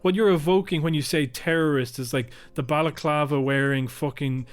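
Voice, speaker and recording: Sweary man ranting on a podcast. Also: normal speed. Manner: sweary, heated, mimics politicians with sharp pitch jumps. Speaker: podcast co-host. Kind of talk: casual political chat. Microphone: podcast microphone close to mouth.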